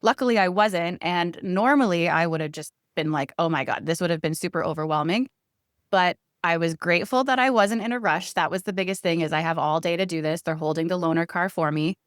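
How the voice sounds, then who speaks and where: Casual podcast co-host, woman, smooth and lowish, animated teller who acts out quotes. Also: brisk, dry recording, studio quality. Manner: animated storyteller, laughs often, acts out quoted lines. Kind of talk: casual storytelling chat.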